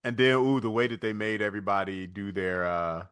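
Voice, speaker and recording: A man co-hosting a podcast in casual chat, retelling scenes with lively energy and quick asides. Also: lowish voice, clean tone. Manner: animated storytelling, acts out movie lines in put-on voices. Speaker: podcast co-host.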